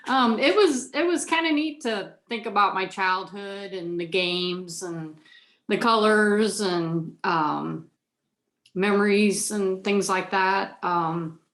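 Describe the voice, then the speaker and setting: A woman taking part in a workshop over a video call, speaking haltingly with many "um" pauses, emotional and close to tears. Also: mid-range voice, fairly bright tone, reverberant. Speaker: workshop participant.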